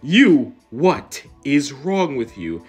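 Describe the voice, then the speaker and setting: A man's voice: mid-range voice, big pitch swings, extremely slow, husky, faint music behind. A man hosting a webtoon reaction video, reading panels aloud and reacting in a slangy, exclaiming way with frequent laughs.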